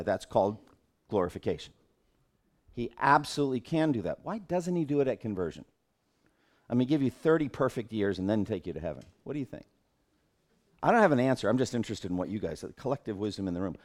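A man's voice: mid-range voice, big pitch swings, brisk. A middle-aged man, a pastor, teaching a Bible class in an earnest way, thinking aloud and often restarting his phrases.

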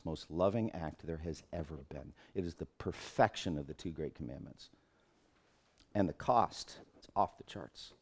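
A middle-aged man, a pastor, teaching a Bible class in an earnest way, thinking aloud and often restarting his phrases. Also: low-pitched.

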